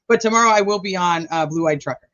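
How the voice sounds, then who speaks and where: A man with a fairly high voice gives casual livestream commentary as a true crime host. He rambles and thinks aloud while he checks his notes. The sound is dry and a little dull. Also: fast talker, bright, forceful tone, no echo.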